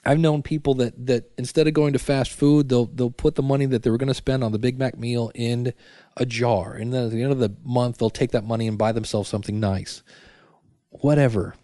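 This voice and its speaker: On a clean studio microphone with no room sound, a middle-aged man hosts his solo podcast from a home basement. His mid-range voice is steady and mellow, a little fast, and his casual chatter is full of restarts and asides to himself.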